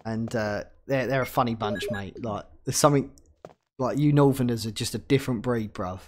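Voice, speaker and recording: A man's voice: mid-range voice, moderate pace, background noise. A young man with a southern English accent, chatting casually and rambling while streaming a game, swearing often. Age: young adult.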